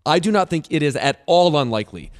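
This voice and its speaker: A man's voice: fairly high pitch, expressive, quick pace. Sports radio cohost dude, wry and pushy with his takes, voice goes up and down a lot. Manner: argumentative, wry, builds a case. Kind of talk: casual sports talk banter.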